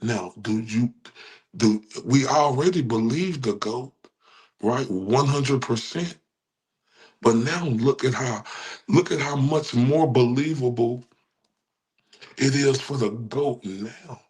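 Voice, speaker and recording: Slow-talking Texan man ranting. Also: mid-range voice, darkish tone. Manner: heated, repetitive, taunting, addresses viewers as y'all. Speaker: streamer reacting to clips. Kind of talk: profane ranting commentary.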